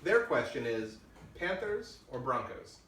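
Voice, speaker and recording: A man's voice: mid-range voice, very animated, unhurried, fairly bright tone. A man reading backer questions aloud in a casual, dry, matter-of-fact way. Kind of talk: casual chat. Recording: echoey room from far off, faint noise.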